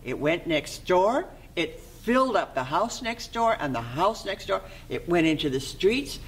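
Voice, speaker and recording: A library volunteer telling a fairy tale aloud in an expressive way, sometimes dropping to a soft whisper. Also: mid-range voice, unhurried, low-quality recording.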